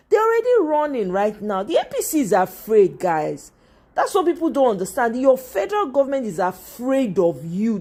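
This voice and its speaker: A woman with a Nigerian accent hosting a live stream on politics, talking in an animated way, mixing English with Pidgin and greeting viewers by name. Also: fairly high pitch. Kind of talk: casual live-stream commentary.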